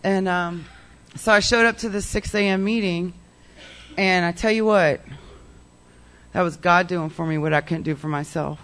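Candid, animated recovery-meeting speaker; mid pitch, conversational, acts out dialogue. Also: normal speed, long pauses. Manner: peppers speech with "like" and "you know". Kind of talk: personal recovery story told to a meeting.

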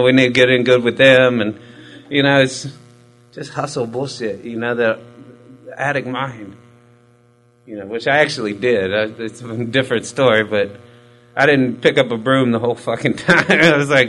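A man's voice: medium pitch, steady tone, normal speed, a bit bright, poor audio. A man giving a candid, profane personal testimony in a rambling, self-mocking way, full of fillers. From Hispanic military family background. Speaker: recovery storyteller.

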